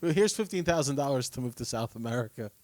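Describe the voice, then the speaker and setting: A man co-hosting a casual podcast, full of playful jokes and mumbled asides. His voice sits at an ordinary middle pitch. It is recorded close and dry. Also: lively intonation, quick pace, darkish tone, no room sound. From New Jersey. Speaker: podcast co-host. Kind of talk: casual chat.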